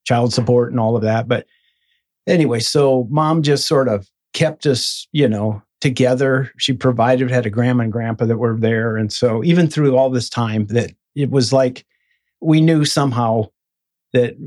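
A man in an interview telling his own story in a casual, animated way, acting out the voices of people he quotes. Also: normal speed. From Michigan. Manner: animated, acts out quoted voices with sudden high bursts.

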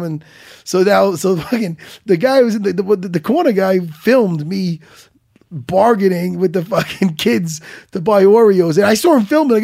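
A man co-hosting a radio talk show, telling animated stories in casual chat and swearing freely. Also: sits high, a little fast, creaky. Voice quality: excitable, swearing, animated storyteller.

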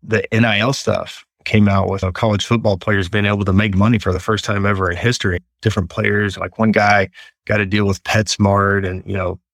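A man's voice: lowish voice, a little fast, gravelly, dry recording. A middle-aged man from Texas, telling stories earnestly as an interview guest. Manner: earnest, animated storyteller. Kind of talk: storytelling interview.

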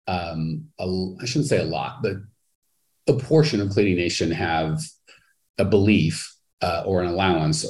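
Picture an enthusiastic man hosting a podcast interview as a business coach. His voice sits low but leaps up and down as he gets animated. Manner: enthusiastic, swinging pitch.

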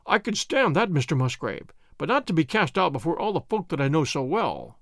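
A man's voice: on the high side, huge pitch swings, a little fast, fairly bright tone, dry recording, clean studio sound, full character voice. Man reading as a desperate, pleading butler. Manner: pleading, hoarse with emotion. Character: proud, desperate male butler in middle age. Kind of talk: dramatic story reading.

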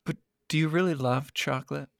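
A man improvising an eerie, grandiose candy maker who speaks slowly and unsettlingly. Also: a little high, steady tone, gravelly, a bit bright, dry recording, clean studio sound. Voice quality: slow, drawn-out, unsettling. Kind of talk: improv comedy role-play.

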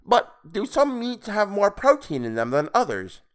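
A man voicing a creepy, toadlike older man with a high nasal voice and a prying, eager manner. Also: wildly swooping pitch, moderate pace, smooth. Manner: eager, prying, oddly polite.

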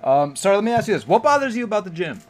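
A man's voice: high voice, sing-song, very fast. A young man co-hosting a casual chat who keeps the show moving and tells laid-back, profane stories. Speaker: podcast co-host.

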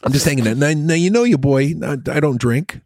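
A middle-aged man telling a story in casual chat, crude and profane with an animated, rambling delivery. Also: fairly high pitch, a little fast, no echo, clean studio sound.

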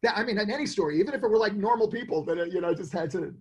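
Brief: man, 60s, from New York, lively anecdotal interview guest, slightly higher voice. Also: slightly rough. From New York, USA. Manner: animated, acts out his own thoughts in quick asides. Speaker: interview guest, songwriter and producer. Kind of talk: conversational storytelling.

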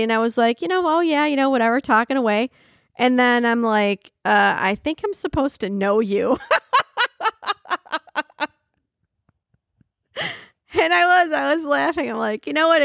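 A middle-aged woman hosting a podcast, talking candidly in a chatty, reflective way and often laughing, her voice leaping up in pitch for emphasis. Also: gravelly, no echo, studio quality. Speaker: podcast host. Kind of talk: reflective solo podcast monologue.

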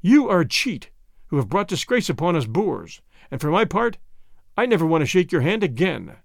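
A man's voice: high voice, sing-song, moderate pace, no echo, clean studio sound. A man voicing a stern, commanding Boer commandant. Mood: furious. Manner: commanding, indignant.

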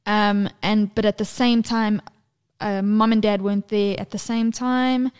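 A woman, co-hosting a podcast and telling lively, sweary stories about her toddler. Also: mid-range voice, unhurried, smooth. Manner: animated storyteller, swears freely, mimics her toddler's voice. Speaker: podcast co-host. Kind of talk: casual podcast chat.

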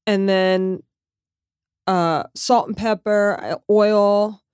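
A woman with a mid-range voice recounts a trip with lively, animated energy and casual fillers. The recording is dry and close-miked. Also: mid-range voice, drawn-out words, smooth, no room sound. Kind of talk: casual travel chat.

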